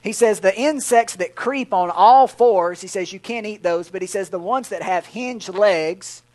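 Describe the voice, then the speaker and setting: A middle-aged pastor with a drawl delivers a sermon in a high voice. He talks in a folksy, joking way and leans hard on key words. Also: a little slow, a little mellow. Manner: folksy, jokey preaching with emphatic swells.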